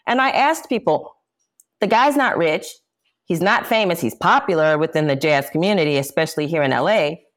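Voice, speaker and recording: Low-voiced woman telling her story. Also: expressive, normal speed. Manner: emphatic, impassioned. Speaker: interview guest, jazz singer. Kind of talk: candid personal storytelling.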